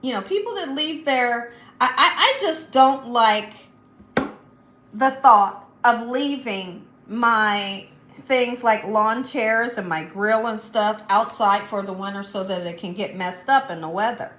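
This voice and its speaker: A woman's voice: fairly high pitch, takes it slowly, a bit bright, echoey room. A middle-aged woman hosting a home cooking show, chatty and enthusiastic, talking straight to her viewers. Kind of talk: casual home cooking demonstration. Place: home kitchen.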